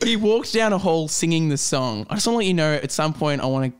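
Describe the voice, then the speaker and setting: Animated, giggly young man. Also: on the high side, fast, background noise. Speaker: podcast guest reading aloud. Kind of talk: casual chat and reading aloud.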